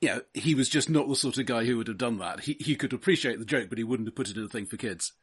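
Husky man running the game. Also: medium pitch. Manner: measured, explanatory. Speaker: game master. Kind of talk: casual tabletop game chat.

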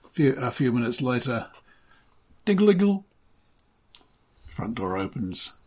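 Husky-voiced man running a game. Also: mid-range voice. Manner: relaxed, halting narration with restarts. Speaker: game master. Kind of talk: narrating a tabletop game.

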